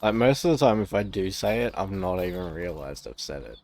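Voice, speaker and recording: A man's voice: low voice, very animated, fairly quick, darkish tone, a little hiss or hum. A young Australian man streaming a game, chatting casually, joking, swearing freely and laughing often. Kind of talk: casual gameplay commentary.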